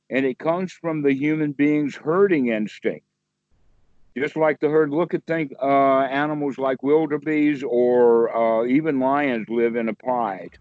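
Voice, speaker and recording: In a dry, dull lo-fi video call recording, a male meditation teacher chats one-on-one, explaining in a rambling, down-home way. His medium-pitched voice has a darkish tone and there's no room sound.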